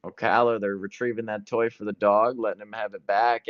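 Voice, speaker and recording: Male commentator, excited live play-by-play, mid-pitched, dry and dull lo-fi sound. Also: moderate pace, few pauses, dry recording. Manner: excited, jumping between events. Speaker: sports commentator.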